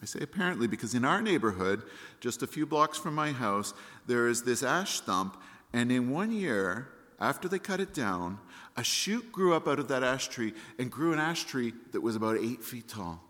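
A man's voice: medium pitch, very animated, normal speed, a bit bright. A man preaching a sermon as pastor, explaining plainly and reading scripture aloud with rising force. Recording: long church-hall reverb.

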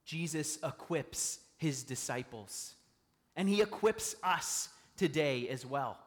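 A man's voice: on the high side, lively intonation, slow pace, big-room sound. A man preaching a sermon from a church stage, conversational and often asking the congregation questions. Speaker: pastor.

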